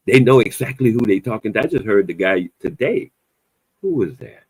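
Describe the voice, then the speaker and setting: A man talks in a loose, opinionated podcast chat. His low voice swings widely up and down as he drives his points home. The sound is close and dry. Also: normal speed, breathy edge, dry recording. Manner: animated, emphatic, loose conversational delivery with a playful edge. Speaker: podcast host.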